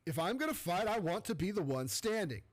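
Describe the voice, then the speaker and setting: A man's voice: high voice, fairly quick. Middle-aged californian guy doing a pumped up faith pep talk on his podcast, loose and chatty, lots of right?. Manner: energetic and colloquial, peppered with rhetorical "right?". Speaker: podcast host.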